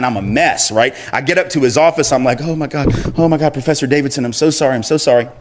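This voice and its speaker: Man telling a self-deprecating story. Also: mid-range voice. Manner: acts out quoted voices with chuckles. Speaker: activist speaker. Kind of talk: public speech with a personal story.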